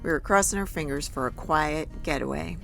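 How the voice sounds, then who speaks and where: Female vlogger voice-over, low and gravelly, wry measured storytelling. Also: soft background music. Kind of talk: scripted voice-over narration.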